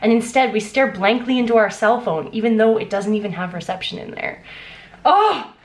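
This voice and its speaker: A young adult woman vlogging as an author, gushing and breathless with excitement as she talks and reads aloud. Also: mid-range voice, fairly quick. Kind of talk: excited vlog unboxing and reading aloud.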